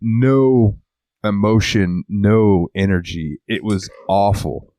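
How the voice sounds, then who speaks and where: Deep-voiced guy on a podcast, dry close mic, rambling and swearing a lot. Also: slow, mellow, dry recording. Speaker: podcast co-host. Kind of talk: casual chat.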